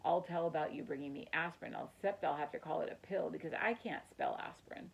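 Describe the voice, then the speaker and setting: A woman reading a kind young boy from a children's storybook. He speaks gently and in a friendly way. The voice is low, husky and gravelly. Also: quick pace, lo-fi sound, full character voice. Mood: warm.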